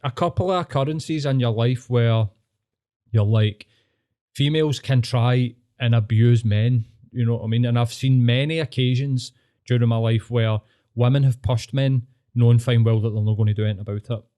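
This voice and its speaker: A man's voice: mid-range voice, fairly even intonation, moderate pace, mellow, smooth. A Scottish man hosting a podcast, telling rambling, sweary stories in casual chat. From Scotland. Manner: swears freely, rambling storytelling. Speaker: podcast host.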